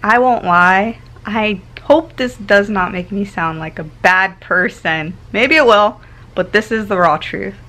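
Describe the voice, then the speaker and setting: A woman vlogger telling a personal story in a casual way, laughing often and swinging between loud and hushed tones. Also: mid-range voice, measured pace.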